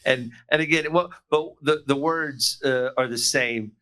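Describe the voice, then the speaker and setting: A man's voice: medium pitch, unhurried, sharp tone, smooth. An American man from South Florida, a guest on a podcast, chatting casually and rambling with many restarts. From South Florida, USA. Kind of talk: casual chat. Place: remote call from the UK.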